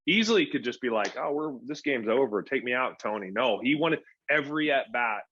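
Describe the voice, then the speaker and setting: Bright-voiced man telling stories. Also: mid-range voice, a little fast, slightly rough. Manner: animated storyteller who acts out quoted dialogue. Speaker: guest, former pro pitcher. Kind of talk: casual storytelling interview. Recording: dull lo-fi podcast audio.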